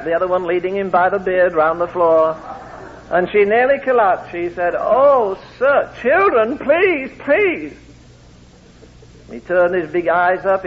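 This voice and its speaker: A man preaching a sermon, telling anecdotes and acting out the quoted voices in his stories. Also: high voice. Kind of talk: sermon with storytelling. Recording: tinny phone-like lo-fi recording.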